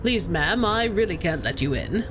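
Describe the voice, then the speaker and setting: A woman's voice: lowish voice, big pitch swings, normal speed, noisy background, pitched below the performer's own voice. A woman voicing a polite young male ship's officer who answers deferentially.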